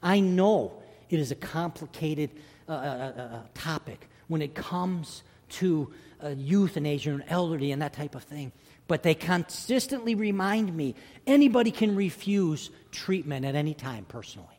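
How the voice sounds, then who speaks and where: A male pastor preaching a sermon, telling a story with animated swings from loud to hushed. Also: a little high, normal speed, big-room sound.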